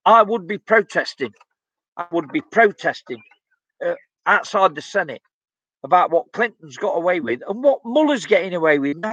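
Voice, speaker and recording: A man's voice: a little high, fairly bright tone, dry recording. A man hosting a casual live stream, talking bluntly and heatedly with many fillers and restarts while reading viewer comments. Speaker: vlogger reading live chat. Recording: dull lo-fi dry sound.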